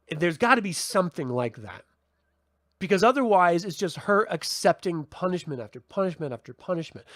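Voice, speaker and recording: A man talks through a TV episode review on his own channel in a loose, chatty way. He rambles and restarts, filling pauses with ums. His voice sits a little high and the sound is dry and close. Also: no echo. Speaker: TV review host. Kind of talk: casual solo review talk.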